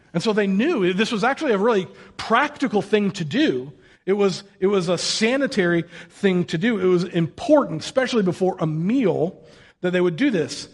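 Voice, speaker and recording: A male pastor giving a conversational sermon, telling the story in a casual, joking way. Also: high-pitched.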